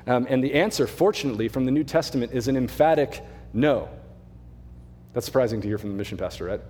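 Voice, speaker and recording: Man, young adult, mission pastor, conversational sermon, mid-pitched, long hall reverb. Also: quick pace. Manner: conversational, animated preaching with asides. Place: church sanctuary.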